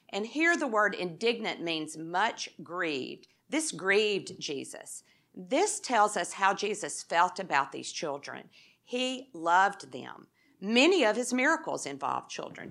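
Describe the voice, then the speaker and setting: Woman, sermon, earnest, bright forceful tone, reads scripture, rhetorical questions. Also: medium pitch. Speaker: Bible teacher. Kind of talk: expository sermon.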